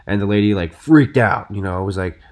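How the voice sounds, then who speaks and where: Low-voiced man telling a story casually. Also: a little fast. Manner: animated storyteller, many fillers like "you know" and "dude". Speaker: podcast co-host. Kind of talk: casual podcast discussion.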